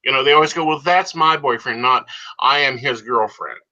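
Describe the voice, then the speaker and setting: A man co-hosting a psychic talk show, emphatic and self-assured. His voice is sharp and very bright, and the recording sounds dull and lo-fi. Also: mid-range voice, moderate pace. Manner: emphatic, confident, calls people honey. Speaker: psychic co-host. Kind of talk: casual chat on a live show. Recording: dull lo-fi audio.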